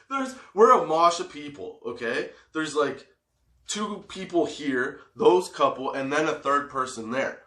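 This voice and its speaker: Forty-something guy telling a wild story on a podcast, bright voice, roomy echo, cusses a lot. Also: fairly high pitch, moderate pace. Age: 40s. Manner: profane, animated storyteller who laughs often. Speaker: comedy podcast host. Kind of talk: casual storytelling.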